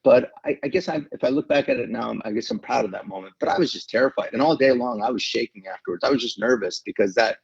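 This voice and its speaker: A middle-aged man, an actor, telling an emotional story in an interview, earnest and halting, with many restarts. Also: medium pitch, gravelly, breathy edge, no echo. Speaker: actor guest. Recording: dull lo-fi sound.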